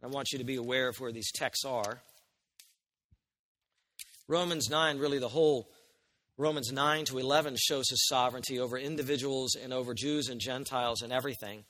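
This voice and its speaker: A man preaching a sermon, swinging from quiet asides to loud, emphatic scripture reading. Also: medium pitch, fairly even intonation, brisk. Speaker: pastor.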